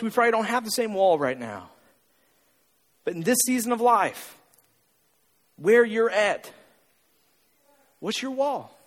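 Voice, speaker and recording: A man's voice: extremely high pitch, fairly bright tone, long reverb tail. A male pastor preaching a sermon, pressing his point with repeated lines and rhetorical questions.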